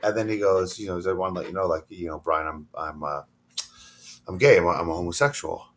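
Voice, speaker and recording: Low-voiced man telling a rambling story. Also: fast, fairly bright tone. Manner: rambling, acts out quoted dialogue. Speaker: interview guest, professional wrestler. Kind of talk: casual storytelling interview.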